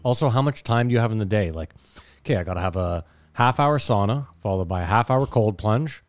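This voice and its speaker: Lowish-voiced guy co-hosting a podcast, rambly jokey riffs, dead dry sound. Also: expressive, a little fast, no echo. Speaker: podcast co-host. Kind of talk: casual chat.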